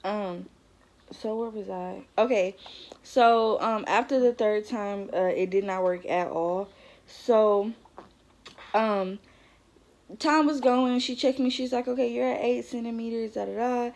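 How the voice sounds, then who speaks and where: A woman's voice: a little high, a little slow, darkish tone. Chatty young woman with a drawl. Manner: chatty, many fillers, talks straight to viewers. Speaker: vlogger. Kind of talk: casual storytime vlog.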